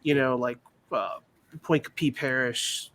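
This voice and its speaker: A man from Louisiana hosting a casual podcast chat, joking and quick to laugh and apologize. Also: medium pitch, steady tone, a bit bright. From Louisiana, USA. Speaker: podcast host running giveaways.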